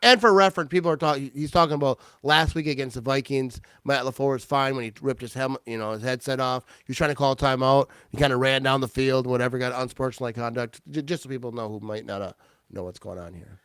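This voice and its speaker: A man hosting a casual sports talk show, excitable and quick to laugh, often restarting his sentences. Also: mid-range voice, clean tone, no echo. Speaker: podcast host.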